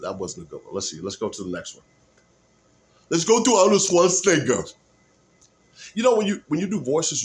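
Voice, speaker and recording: A man chatting loosely to a camera mic, his pitch jumping all over as he rambles between impressions. It has the easy, unscripted feel of a practice vlog. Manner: rambling, loose, lively delivery. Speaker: aspiring comedian and musician. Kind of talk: casual vlog, practicing voices.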